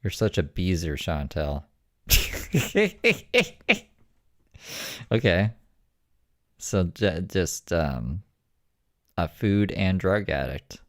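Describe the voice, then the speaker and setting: A woman's voice: rumbling low, very animated, extremely slow, pauses often, no echo, clean studio sound. A woman from Canada co-hosting a casual reaction show, wry and laid-back, often puzzled. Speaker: commentary co-host.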